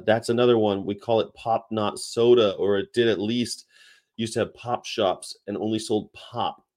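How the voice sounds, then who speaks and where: A man's voice: lowish voice, darkish tone. A man hosting a casual livestream chat, rambling and laughing often as he reads comments and mimics regional accents. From United States. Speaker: livestream host.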